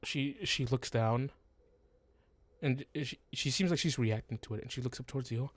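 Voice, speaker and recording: Halting male game master narrating. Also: mid-range voice, no echo. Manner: halting, full of ums and restarts.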